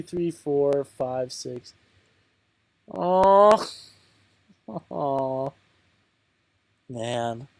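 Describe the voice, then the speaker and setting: Unhurried male gamer, rambling self-deprecating commentary, dry close sound. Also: medium pitch, darkish tone, no room sound. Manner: rambling, self-mocking, mutters and counts aloud. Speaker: channel host playing a card game. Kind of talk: casual gameplay commentary.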